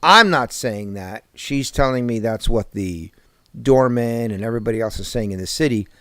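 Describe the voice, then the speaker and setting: Profane New Jersey man, lively voice. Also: medium pitch, moderate pace, no echo, studio quality. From Newark, New Jersey. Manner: profane, jokey, animated storyteller. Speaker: podcast host. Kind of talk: casual podcast chat.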